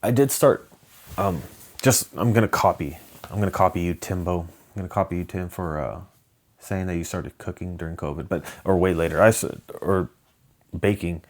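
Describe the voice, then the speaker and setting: Low-voiced man rambling on a solo podcast. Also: normal speed. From Southern California. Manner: rambling and hesitant, with many ums and restarts. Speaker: podcast host. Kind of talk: casual solo podcast chat.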